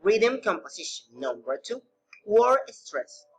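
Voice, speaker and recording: A man teaching a recorded English pronunciation lesson, reading slowly with non-native phrasing. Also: high voice, very animated, breathy edge, soft background music, low-quality recording.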